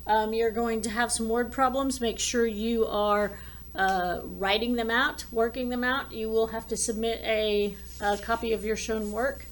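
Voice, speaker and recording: Woman math teacher, slow and methodical, a bit higher voice, talks while sketching. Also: fairly even intonation, a little hiss or hum. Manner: talks while drawing and working problems aloud. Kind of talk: recorded math lesson.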